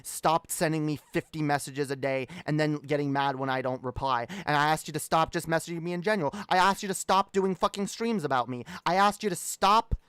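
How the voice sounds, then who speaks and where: A man's voice: fairly high pitch, fairly quick, hardly any pauses, fairly bright tone, clear, resonant tone, no echo. A man streaming, ranting heatedly and swearing a lot. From Canada. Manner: heated, profane, repetitive. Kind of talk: ranting livestream talk.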